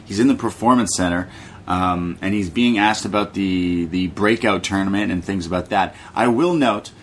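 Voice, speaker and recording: A young man with a fairly low voice chats loosely and jokingly on a podcast, dropping curses and slipping into funny impressions. A faint hiss runs under the recording. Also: normal speed. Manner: laid-back, profane, jokey, mimics people. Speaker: podcast co-host. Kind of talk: casual chat recapping wrestling.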